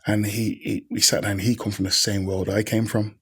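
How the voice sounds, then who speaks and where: A husky, low-voiced man, a podcast guest sharing stories in an easy, conversational way. He talks in slang and brings the people in his stories to life by voicing them. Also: moderate pace. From Birmingham, England. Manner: animated, slangy storyteller who acts out quoted people. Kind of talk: casual interview storytelling.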